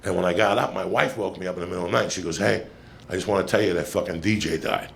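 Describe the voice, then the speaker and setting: A man's voice: sits low, quick pace. A man doing stand-up, telling a long story in a blunt, profane, conversational way. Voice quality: gravelly. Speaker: stand-up comedian. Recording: played clip with steady background noise.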